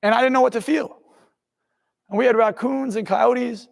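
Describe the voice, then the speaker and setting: A man's voice: very high voice, fairly even intonation, normal speed, vocal fry. A young man in his twenties, a motivational speaker and hypnotist, telling his own life story in an intense, blunt way with some swearing. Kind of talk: personal life story told to camera. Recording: long reverb in the room.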